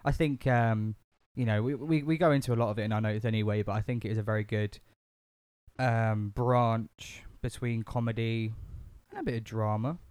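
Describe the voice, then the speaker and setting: A man's voice: fairly low pitch, moderate pace, darkish tone, clear, resonant tone, no room sound. A man co-hosting a casual podcast chat, rambling and laughing often as he talks through a film. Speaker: podcast co-host.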